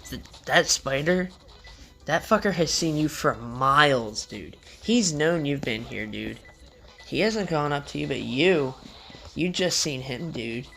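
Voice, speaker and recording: A young man voicing a laid-back male friend who gives a calm, swearing pep talk. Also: on the high side, a little slow, creaky, soft background music, exaggerated voice. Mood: preachy. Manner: preachy, swearing, calm and insistent.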